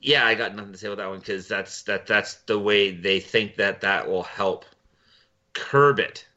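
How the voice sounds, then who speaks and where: A man's voice: on the low side, moderate pace, bright, forceful tone, dull audio. A man co-hosting a podcast in casual chat, rambling with fillers and laughing often. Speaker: podcast co-host.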